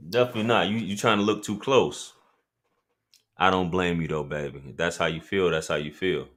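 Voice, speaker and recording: Man, very low voice, livestream host, casual slangy banter, joking with chat. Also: steady tone, brisk, fairly bright tone.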